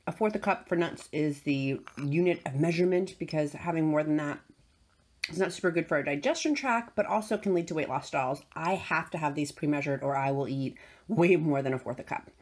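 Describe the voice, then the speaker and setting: A woman's voice: deep voice, a little fast, no room sound. A woman in her thirties, a mother and vlogger, chatting casually and upbeat to camera and laughing easily. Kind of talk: casual vlog chat to camera. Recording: background noise from cars and outdoors.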